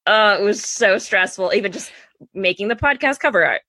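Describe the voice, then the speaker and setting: A woman's voice: mid-range voice, animated, brisk, bright, forceful tone, no room sound. A woman from Texas hosting a podcast in casual chat, rambling with lots of "like". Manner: rambling, says "like" a lot. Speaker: podcast host.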